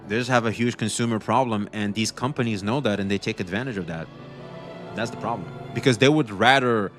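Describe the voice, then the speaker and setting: A man's voice: fairly low pitch, a bit bright. A young man streaming, chatting casually and rambling with frequent restarts, swearing freely. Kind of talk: casual livestream chat.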